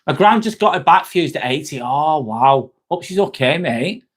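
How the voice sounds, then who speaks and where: A man's voice: on the high side, lively intonation, normal speed, slightly rough. A man hosting a casual live stream, joking, laughing often and answering chat comments.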